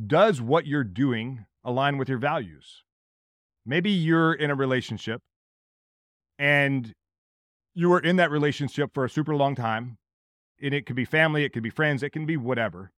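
A man's voice: mid-range voice, moderate pace, pauses often, fairly bright tone, no room sound, clean studio sound. Earnest man hosting a podcast. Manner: earnest, direct, repeats questions for emphasis. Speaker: podcast host. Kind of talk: solo podcast monologue.

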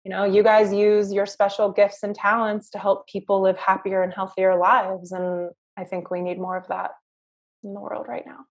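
A woman's voice: medium pitch, little pitch movement, moderate pace, creaky. A woman podcast guest, emotional and stumbling over her words in casual chat. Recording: dull lo-fi sound.

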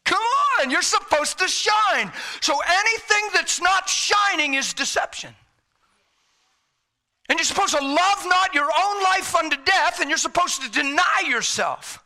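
A man preaching a sermon with passion, swinging between shouts and hushed, quiet lines. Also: very high-pitched, expressive, a little slow.

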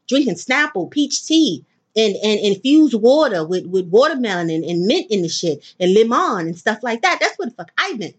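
This is a woman talking on her solo podcast, clearly tired. She rambles from story to story and swears casually. Her voice sits at an ordinary middle pitch. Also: moderate pace. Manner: profane, rambling, animated storytelling. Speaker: podcast host.

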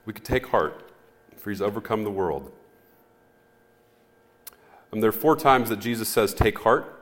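A man preaching a sermon as pastor, in an earnest, measured way with pauses and fillers. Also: lowish voice, expressive. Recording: echoey hall reverb.

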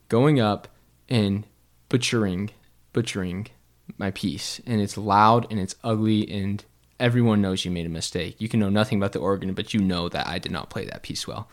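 Earnest young man telling a story. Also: fairly low pitch. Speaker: podcast co-host. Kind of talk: casual faith podcast chat.

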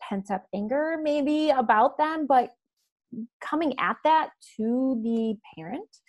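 A woman's voice: sits high, lively intonation, slow, darkish tone. A woman host in a professional conversation, giving brief affirmations and then summing up reflectively.

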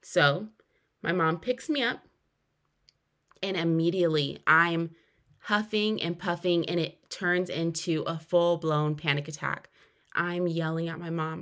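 A young woman with a fairly low voice tells her own story on her podcast. She speaks earnestly, and her voice jumps up in pitch and loudness on key moments before settling back. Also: fairly even intonation, unhurried. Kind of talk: personal storytelling.

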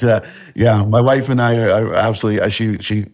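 Deep-voiced Canadian man, halting. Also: fairly even intonation, a little mellow. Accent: Canadian with a slight Scottish tinge. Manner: halting, many fillers and restarts, laughs often. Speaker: podcast guest. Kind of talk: casual interview chat.

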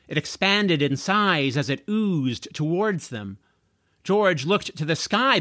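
Slow, bright-voiced male audiobook narrator. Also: on the high side, no room sound, studio quality. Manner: slow, expressive storytelling.

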